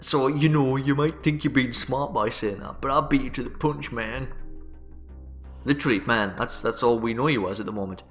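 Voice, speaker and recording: Man, gaming host, let's play commentary, joking, rambling, bright voice, faint music behind. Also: medium pitch, normal speed.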